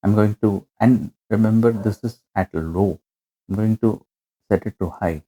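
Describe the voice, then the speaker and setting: A man explaining an audio mixer in a relaxed hands-on demo, with frequent fillers. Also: lowish voice, measured pace. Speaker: gear reviewer.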